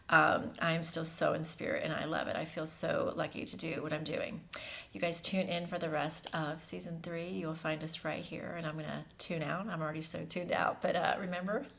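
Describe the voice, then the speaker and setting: Rich: A woman hosting a guided meditation, her voice low and even with a gravelly fry underneath. She speaks calmly and repeats soothing phrases. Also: fairly quick. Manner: calm, repetitive and soothing.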